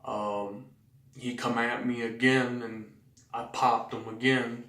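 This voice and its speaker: A man's voice: medium pitch, flat delivery, slow, bright, forceful tone. A man with a Southern US accent telling his own story to the camera, blunt and profane, rambling with fillers. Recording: roomy sound from a distant mic.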